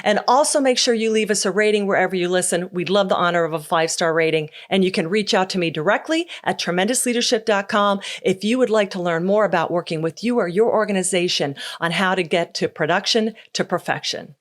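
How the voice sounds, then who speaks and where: A woman's voice: medium pitch, fairly quick, hardly any pauses. Emphatic woman podcast host. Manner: emphatic, folksy, punchy short phrases; acts out quoted voices in her story. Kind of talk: motivational solo podcast talk.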